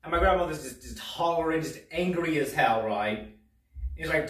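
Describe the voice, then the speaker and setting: A man telling a home-made stand-up story in a rambling, halting way, with many restarts and a tag of "right?". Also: on the high side, lively intonation, fairly bright tone, echoey room, far from the mic, poor audio. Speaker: comedian. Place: home room.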